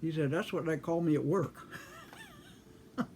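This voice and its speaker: A man's voice: fairly high pitch, normal speed, a little mellow, slight background noise. A man telling a casual story in a folksy, dry way, acting out both sides of a conversation. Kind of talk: casual spoken anecdote.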